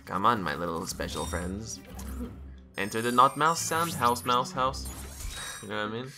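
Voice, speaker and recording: A man's voice: fairly low pitch, normal speed, over music. A man co-hosting a let's play, joking playfully and talking to the game characters. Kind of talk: casual gaming chat.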